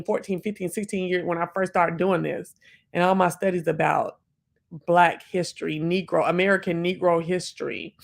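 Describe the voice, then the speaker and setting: In her forties and hosting a casual live stream, this woman chats reflectively about the poem, full of fillers and quick asides. Her voice sits fairly low and carries vocal fry.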